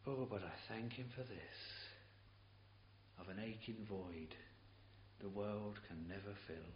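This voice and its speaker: A man preaching a sermon in a church, impassioned and halting, often repeating words as he builds his points. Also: fairly low pitch. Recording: dull, hissy, roomy old tape recording.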